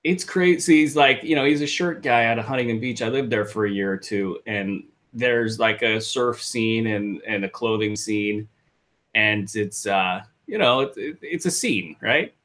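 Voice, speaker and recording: A man's voice: fairly low pitch, normal speed, a bit bright. A man co-hosting a live podcast in casual chat, joking, rambling and poking fun at himself. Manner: joking, rambling, self-deprecating. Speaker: podcast co-host.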